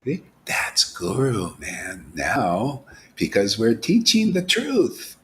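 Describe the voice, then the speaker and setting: A man giving an informal devotional sermon, asking rhetorical questions, dropping to whispers and rising to loud exclamations, laughing now and then. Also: medium pitch, takes it slowly, slight background noise. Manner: animated, preachy, swings from hushed whispers to loud exclamations; asks rhetorical questions, laughs at his own jokes. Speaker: spiritual teacher.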